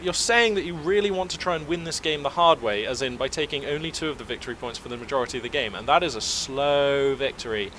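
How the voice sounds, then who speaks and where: A man's voice: mid-range voice, sharp tone, slight background noise. A man casting a strategy game match, talking through the play in an analytical, chatty way with frequent fillers. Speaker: game caster.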